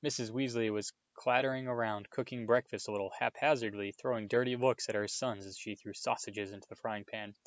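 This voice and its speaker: A man narrating a children's story aloud, in a steady read-aloud manner, on a dull, lo-fi recording. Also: lowish voice, fairly quick, hardly any pauses, dry recording. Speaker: audiobook reader.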